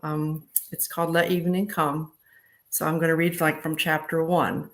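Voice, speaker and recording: Author giving a gravelly, steady reading. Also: medium pitch, normal speed. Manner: plain, steady reading with hesitant asides. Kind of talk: reading aloud from own novel.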